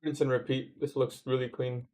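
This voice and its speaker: A man's voice: medium pitch, flat delivery, normal speed, mellow. A young man from Canada with a Toronto accent, chatting casually on a trading livestream and answering viewers in laid-back slang.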